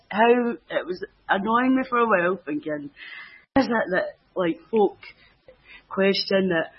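A man's voice: high voice, husky. A man with a Scottish accent, a guest chatting loosely over a call, full of fillers and trailing thoughts. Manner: rambling, many fillers. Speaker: guest caller. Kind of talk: casual chat over a call. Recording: dull lo-fi call line.

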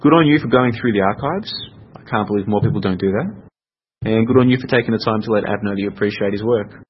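A man hosting a casual solo podcast, chatty and rambling, often correcting himself. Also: lowish voice. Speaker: podcast host. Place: home room. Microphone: computer mic. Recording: dull lo-fi audio with faint noise.

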